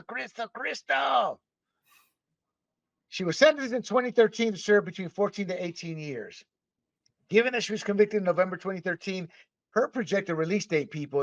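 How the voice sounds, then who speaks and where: A man from Panama, the host of a podcast, delivers opinionated commentary in a fairly high, insistent voice. He is emphatic and impassioned, swinging between loud and soft. The recording sounds dull and dry. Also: dry recording.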